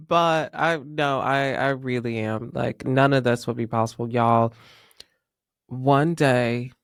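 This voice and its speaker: A man's voice: medium pitch, creaky, no room sound, studio quality. A man, chatting emotionally and laughing as host of his solo podcast. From North Carolina. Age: 30s. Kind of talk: casual solo podcast chat.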